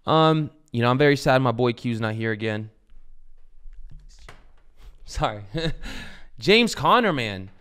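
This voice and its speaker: A young man hosting a fantasy football podcast in loose, rambling chat. His voice is smooth and clear, and he swings between energetic bursts and low asides. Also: takes it slowly, pauses often. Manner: rambling, animated, swears casually. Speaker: podcast host. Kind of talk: casual fantasy football talk.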